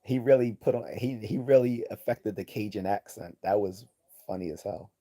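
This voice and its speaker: Low-voiced, blunt man ranting on a livestream. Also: normal speed, mellow. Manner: blunt, profane, rambling with restarts. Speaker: livestream host. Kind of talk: opinionated live commentary reading chat.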